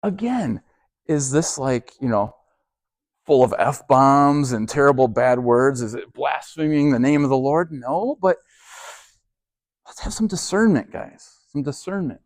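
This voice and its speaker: A man's voice: mid-range voice, lively intonation, a little slow, no echo, studio quality. A man teaching a youth group as their pastor. He talks in a conversational way, keeps asking "okay?" and often restarts and repeats his words.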